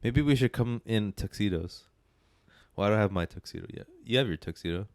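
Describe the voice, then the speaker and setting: A man's voice: fairly low pitch, a little fast, darkish tone, dry recording, clean studio sound. A man co-hosting a movie podcast, chatting casually with a joking, rambling manner and big swings in energy. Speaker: podcast co-host. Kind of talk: casual chat.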